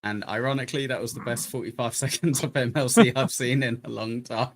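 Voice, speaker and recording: English man, stream host, casual jokey chat, mid-pitched voice. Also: steady tone, fairly quick. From England. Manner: chatty, jokey, thanks donors warmly. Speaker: streamer host reacting to clips.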